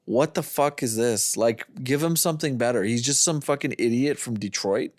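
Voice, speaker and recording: A man's voice: medium pitch, normal speed, no echo, clean studio sound. Casual, swearing man reviewing movies. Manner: rambling retelling of scenes, swears freely, acts out lines. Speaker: podcast co-host.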